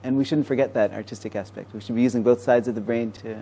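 A man's voice: medium pitch, fairly even intonation, mellow, a little hiss or hum. A man, a mathematician and professor, explaining ideas in a conversational interview with a patient, teacherly manner. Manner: explanatory, teacherly, quick-paced.

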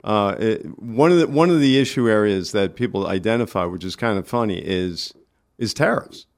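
A man with a New York accent, a guest on a casual radio interview, talking in halting bursts with many restarts. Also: on the low side. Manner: halting, restarts often, friendly. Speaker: community organizer guest.

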